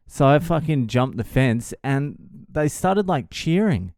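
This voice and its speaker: A man's voice: mid-range voice, sing-song, unhurried, a little mellow, no echo, studio quality. A man in his thirties telling a story in a casual, profane and exasperated way. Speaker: vlogger.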